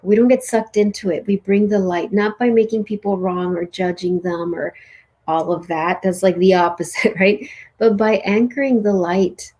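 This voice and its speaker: A woman guiding a spiritual meditation ceremony in a soft, slow, soothing way, then chatting casually and saying "like" often. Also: mid-range voice, steady tone. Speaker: spiritual teacher leading a ceremony. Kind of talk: guided meditation and casual talk. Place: live online session with chat.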